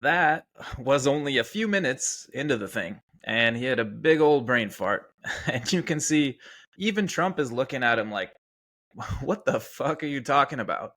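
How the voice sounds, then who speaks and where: A man hosting a podcast, talking through political commentary in a casual, sarcastic way. He chuckles often as he talks, and his voice sits at an ordinary middle pitch. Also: animated, a little slow, a bit bright. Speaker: podcast host.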